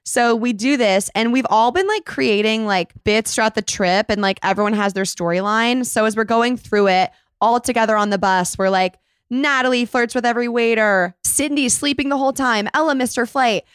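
A woman in her twenties hosting a casual chat, telling stories quickly with lots of fillers. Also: on the high side, smooth, dry recording, clean studio sound. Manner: chatty, fast storytelling with many fillers. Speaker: host.

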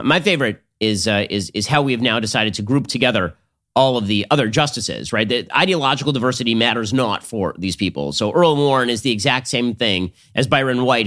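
A man hosting a political commentary show, arguing in a rapid, sardonic way. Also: mid-range voice, fairly bright tone. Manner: rapid, sardonic, argumentative delivery. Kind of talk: fast political commentary and read ad.

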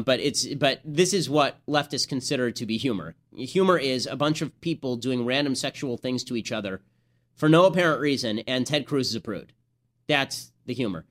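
A young man hosts his own podcast with a sarcastic political monologue. He talks fast and mocks his subject as he goes, at an ordinary male pitch. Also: a bit bright. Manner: sarcastic, rapid-fire, mocking. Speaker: podcast host.

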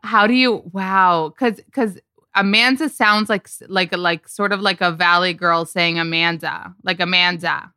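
Bubbly woman podcast host, crisp voice. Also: mid-range voice, measured pace, no echo, studio quality. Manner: excitable, fills her talk with "like". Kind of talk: casual gossip interview.

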